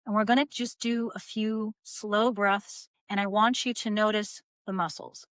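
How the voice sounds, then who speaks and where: A woman voice coach, seated in her small studio, calmly guiding listeners through breathing and projection exercises. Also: mid-range voice, measured pace, no room sound. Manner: calm, guiding, breaks into vocal demonstrations. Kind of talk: instructional voice lesson. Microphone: seated at camera.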